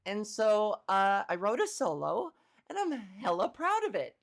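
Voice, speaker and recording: A woman's voice: medium pitch, sing-song, a little slow. A woman hosting her own solo comedy podcast, talking casually from home into a microphone, rambling, self-deprecating and swearing freely. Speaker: podcast host and stand-up comedian.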